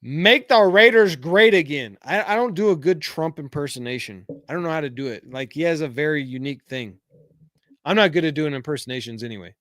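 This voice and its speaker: A middle-aged man hosts a casual live-chat podcast, reading viewer comments aloud and offering frank, rambling opinions packed with fillers. His voice sits on the high side and he talks fast and animatedly. The recording is studio quality with no room sound.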